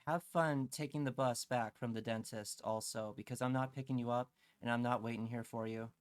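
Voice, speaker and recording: A man's voice: medium pitch, fairly even intonation, a little fast, smooth, no echo, voice pushed down, natural voice. A man voicing a taunting tax agent who coaxes in a sing-song voice and then turns profane and scornful. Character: taunting tax agent driving a truck, fake-cheerful then cruel. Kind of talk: comic rant on a live stream.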